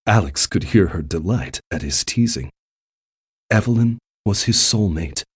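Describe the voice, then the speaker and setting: A man narrating a romance story in a calm, even way. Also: on the low side, a little slow, slightly rough. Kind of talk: scripted narration.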